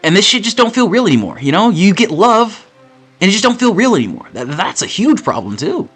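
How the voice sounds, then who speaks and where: A gaming host in full rant, a man who swears freely and circles back over the same words. His voice sits a little high and jumps all over the place as he gets worked up. Soft game music plays underneath. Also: a little fast, husky. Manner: animated, profane, repeats himself. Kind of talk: ranting commentary over gameplay.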